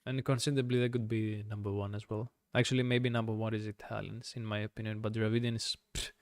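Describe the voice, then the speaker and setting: Male esports caster, gravelly tone, chatty rundowns of picks, dry recording. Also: on the low side, level tone, fast talker, no echo. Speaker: game caster. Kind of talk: esports play-by-play commentary.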